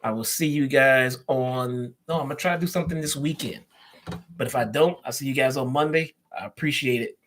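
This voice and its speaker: Male live-stream host, Chicago accent, casual chatter, average pitch. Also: fairly quick, a bit bright, a little hiss or hum. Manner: chatty, reads out viewer comments and answers them.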